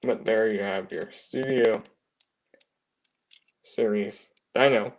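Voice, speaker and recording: A man casually reviewing a toy, talking softly with mumbled, half-whispered asides. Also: lowish voice, steady tone, takes it slowly, pauses often.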